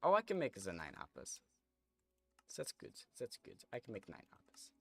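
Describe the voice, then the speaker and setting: Low-voiced young man chatting while gaming. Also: wildly swooping pitch, moderate pace, vocal fry, a bit bright, husky, dry recording. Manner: rambling, chatty, reads chat aloud while playing. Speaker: streamer. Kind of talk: casual gameplay stream chatter.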